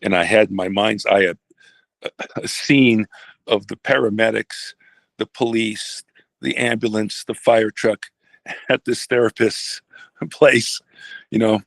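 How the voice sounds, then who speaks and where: An older man, a retired pastor, telling a personal story in a halting, reflective way with many restarts. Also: on the low side, steady tone, creaky, a bit bright, no echo.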